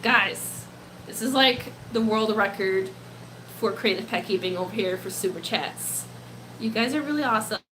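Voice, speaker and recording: A woman in her twenties chatting casually on a live stream, excitable and gushing, often laughing, her voice a little worn. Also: medium pitch, moderate pace, a little hiss or hum. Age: 20s. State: slightly losing her voice. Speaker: pet-keeping live streamer. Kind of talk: casual live stream chat, reading comments.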